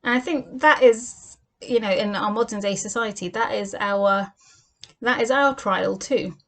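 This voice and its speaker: A woman's voice: mid-range voice, measured pace. Earnest woman teaching a Torah lesson. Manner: earnest, asks many rhetorical questions. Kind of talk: weekly Torah portion lesson.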